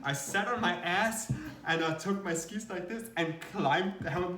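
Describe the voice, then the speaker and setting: A man co-hosting a reaction video, telling a story in a casual, animated way and laughing often. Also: sits high, measured pace, echoey room, recorded from a distance, background noise. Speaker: reaction channel co-host.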